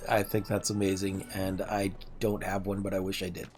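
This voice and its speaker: A streamer chats casually with his viewers during a gameplay livestream, cracking jokes and muttering to himself as he plays. His voice is a little mellow with a completely flat delivery at a moderate pace, and it sinks to a low mutter when he focuses on the game.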